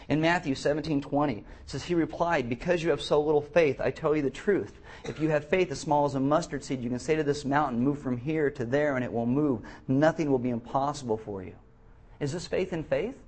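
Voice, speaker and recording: A man preaching a sermon, animated, reading scripture aloud with emphasis and acting out the quotes. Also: medium pitch, breathy edge.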